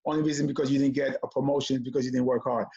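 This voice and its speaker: A man telling a childhood story in a conversation, animated as he acts out the voices of the people in it. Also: mid-range voice, racing, a crowd in the background. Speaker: comedian guest. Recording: dull lo-fi audio.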